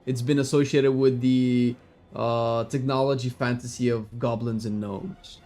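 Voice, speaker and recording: Faint music plays behind a gaming streamer who speaks at a measured pace in a medium-pitched voice. His casual chatter is rambling and excitable, with loose swearing and sudden shouting.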